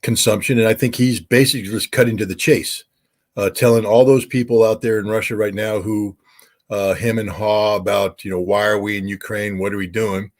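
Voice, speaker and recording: A man's voice: fairly low pitch, steady tone, a little fast. An American man, a former weapons inspector, giving interview commentary, emphatic with many fillers and restarts.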